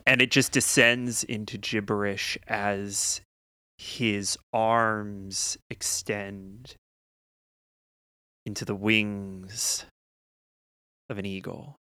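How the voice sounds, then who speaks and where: A man serving as game master, narrating scenes slowly and quietly. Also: lowish voice, little pitch movement, clean tone, no echo, studio quality. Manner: slow, hushed, descriptive narration.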